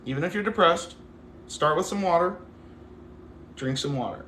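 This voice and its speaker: A man's voice: a little high, normal speed, sharp tone, reverberant, slight background noise. A man hosting a casual livestream, talking to his viewers in a rambling, affectionate way full of "like". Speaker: livestream host.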